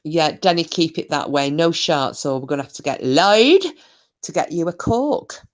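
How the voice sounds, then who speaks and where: A woman's voice: deep voice, expressive, moderate pace. A middle-aged woman, hosting a casual livestream, reading chat messages aloud and trading cheeky, bawdy banter. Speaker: live stream host reading chat.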